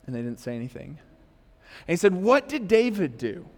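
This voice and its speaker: Young male pastor, high voice, relaxed and joking, lots of ums, church hall reverb. Casual sermon. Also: a little fast. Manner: conversational, joking asides, frequent fillers.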